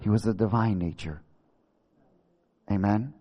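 A male preacher delivers an emphatic sermon, swinging between loud, pointed declarations and low, pressing asides. He keeps calling out to his listeners for a response, and his voice rings with a long reverb through a large hall. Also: a little slow. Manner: emphatic, calls for audience response.

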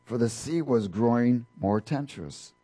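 A man's voice: animated, normal speed, dark tone, slightly rough, faint music behind. A man preaching a sermon, reading scripture aloud and explaining it, often lifting his voice for the quoted lines. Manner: reads scripture aloud, rising in pitch for quoted speakers, with light laughs.

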